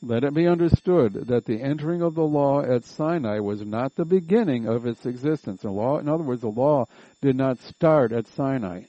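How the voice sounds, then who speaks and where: Dark-voiced man leading a Bible study. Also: mid-range voice, animated, moderate pace, no echo, muffled recording. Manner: methodical, rereads and rephrases passages. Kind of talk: Bible study lesson, reading and explaining a text.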